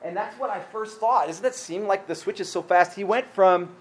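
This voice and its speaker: A male pastor giving a conversational sermon, often repeating words and asking rhetorical questions, his volume dropping from full to quiet. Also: high-pitched, moderate pace, low-quality recording.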